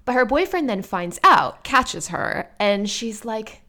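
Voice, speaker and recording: A woman co-hosting a casual chat, retelling a plot in an animated, blunt, dramatic way. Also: on the high side, slow pace. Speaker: podcast co-host.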